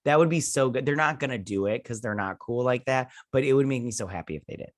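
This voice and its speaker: A young man hosting a review channel, retelling a TV episode in an excited, rambling way full of "he's like". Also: mid-range voice, fast talker, dry recording, clean studio sound. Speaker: host and TV reviewer. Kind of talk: casual episode recap.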